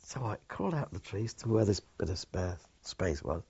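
An older man, a war veteran, recalling his experiences in a plain, halting way with many restarts. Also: deep voice, very animated, creaky, dark tone, slightly rough. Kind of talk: oral history recollection. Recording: dull lo-fi recording.

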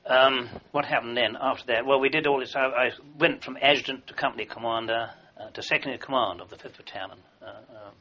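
A man's voice: mid-range voice, fairly even intonation, brisk, few pauses, sharp tone. An older man, an army veteran, telling long wartime anecdotes in a rambling way with fillers and restarts, in a dull lo-fi recording. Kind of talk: oral history recollection.

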